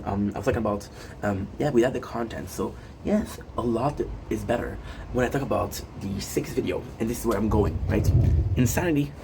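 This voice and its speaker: A man's voice: on the low side, darkish tone, slight background noise. A man streaming live, rambling casually to his chat with lots of fillers and asides.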